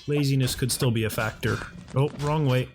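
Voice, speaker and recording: Man, let's play commentator, mid-pitched, chatty and self-talking, faint music underneath. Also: steady tone, moderate pace. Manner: chatty, talks to himself and his game characters. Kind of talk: casual gameplay commentary. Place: home condo.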